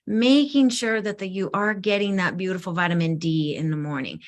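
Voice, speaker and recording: A woman co-hosting a live wellness session, talking in a chatty, animated, self-deprecating way. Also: fairly low pitch, fairly quick. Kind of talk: casual talk.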